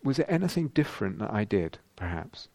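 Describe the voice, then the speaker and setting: A middle-aged male meditation teacher speaks in a low, gravelly voice, close and dry with no room sound. He talks in a reflective, searching way, full of ums and questions posed to himself. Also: sing-song, fairly quick, a little mellow, no echo. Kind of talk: dharma talk.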